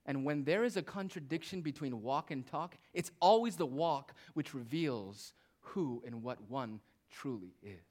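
A man's voice: on the high side, lively intonation, a little slow, few pauses. Man preaching with big swings in volume. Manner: preaching with dramatic swings between loud emphasis and hushed asides. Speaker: pastor. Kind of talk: sermon.

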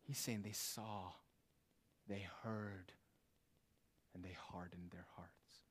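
A man's voice: sits low, fairly even intonation, takes it slowly. A man preaching a sermon, asking rhetorical questions and dropping in casual asides as he explains the text. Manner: emphatic, rhetorical questions, shifts between loud and hushed delivery.

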